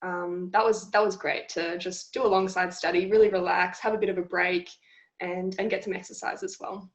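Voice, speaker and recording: A woman's voice: on the low side, steady tone, moderate pace, echoey room. A young woman, a psychology tutor, answering interview questions in a friendly, thoughtful way with frequent fillers. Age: young adult. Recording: dull lo-fi sound.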